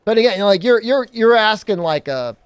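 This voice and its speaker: A man's voice: high voice, expressive, brisk, clean tone, no echo. A man from New England chatting casually as a game streamer, rambling with lots of filler words and frequent chuckles. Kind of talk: casual chat while gaming.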